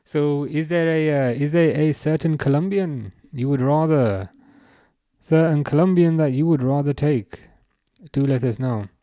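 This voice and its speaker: Reading out and responding to viewer comments, the host of a laid-back football livestream speaks at a measured pace in a warm voice on the high side. There's no room sound, and he hesitates often, with many fillers and restarts.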